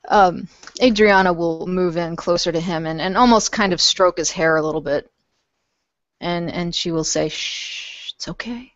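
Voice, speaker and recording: A woman narrating her character's actions in a tabletop role-playing game, calm and measured. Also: on the low side, dry recording, highs cut off. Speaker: player.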